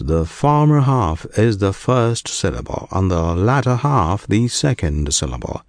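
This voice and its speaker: A man reading an ancient scripture aloud in slow, measured, solemn scripted narration. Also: medium pitch, dry recording, studio quality.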